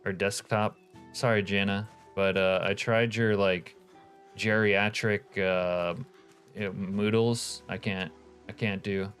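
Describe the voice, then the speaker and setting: A man's voice: lowish voice, level tone, takes it slowly, a bit bright, soft background music. A man live-streaming a game, chatting casually, reading viewer comments aloud and swearing offhand. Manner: laid-back, profane, reads chat aloud.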